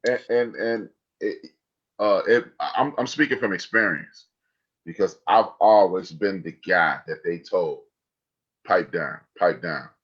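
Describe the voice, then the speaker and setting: A man in his fifties telling a story in a casual conversation, animated and acting out remembered lines. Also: sits low, measured pace, slightly rough. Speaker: discussion participant. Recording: dull lo-fi audio.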